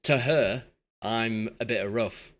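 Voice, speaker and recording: A man's voice: fairly low pitch, slow pace. A young man with a Yorkshire accent chatting casually with his live chat while playing a football management game, self-deprecating and talkative. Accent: Yorkshire English. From Yorkshire, England. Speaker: streamer. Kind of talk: casual live-stream commentary.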